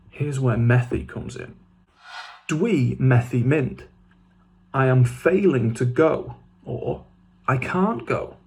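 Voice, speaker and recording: A man with a gravelly, fry-tinged voice at a middle pitch gives a casual scripted lesson, saying phrases and glossing them in English. His humour is dry and self-mocking. A faint hiss sits under the recording. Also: a little mellow. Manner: switches between Welsh phrases and English glosses. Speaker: Welsh language teacher.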